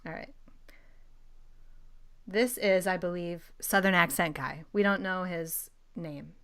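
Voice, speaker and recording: Bright, blunt woman hosting a podcast. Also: fairly low pitch, takes it slowly, smooth. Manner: opinionated, blunt, laughs often. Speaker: podcast host. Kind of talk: casual news chat.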